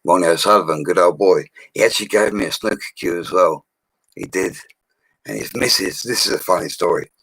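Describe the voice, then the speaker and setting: Poor, echo-free audio captures a man of forty with a London accent talking briskly about his bricklaying jobs in a livestream. His low, husky voice has a fairly bright tone, and his casual, blunt chatter includes slang and mild cursing.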